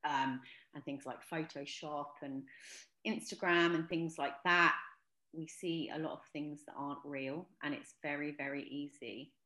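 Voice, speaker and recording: A woman with a low voice talks earnestly as a podcast guest, thinking aloud with ums and restarts. The sound has a roomy echo. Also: fairly even intonation, normal speed, pushed and bright. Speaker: podcast guest, mental health advocate. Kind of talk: casual podcast interview.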